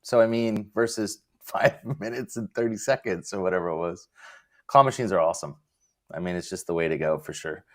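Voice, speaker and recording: A man's voice: sits low, fairly quick. A man hosting a casual livestream chat about his vending business, telling rambling stories. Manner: relaxed, rambling storytelling.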